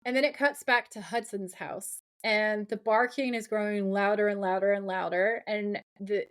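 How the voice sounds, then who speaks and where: Woman co-host, mid-range voice, chatty retelling that slips into the characters' lines, casual swearing. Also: mid-range voice. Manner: animated, acts out quoted dialogue, swears casually. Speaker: podcast co-host. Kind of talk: casual episode recap.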